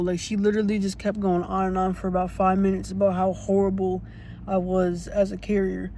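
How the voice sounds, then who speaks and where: Storytime vlogger, mid-range pitch, fired up and repetitive, cursing casually, light background hiss. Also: little pitch movement, brisk, warm tone. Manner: blunt and indignant, swears freely; repeats points for emphasis.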